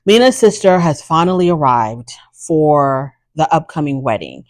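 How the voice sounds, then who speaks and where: A woman's voice: deep voice, big pitch swings, a little slow, no echo, poor audio. A woman hosting a casual TV recap, chatty and opinionated with sassy asides. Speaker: reality TV recap host.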